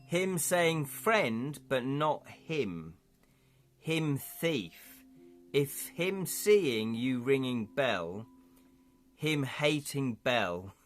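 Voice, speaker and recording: Give me a man playing a simple, good-natured hobgoblin who talks slowly in pidgin. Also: medium pitch, animated, soft background music. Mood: warning. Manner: broken pidgin grammar, slow halting delivery. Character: simple-minded friendly male hobgoblin in a dungeon.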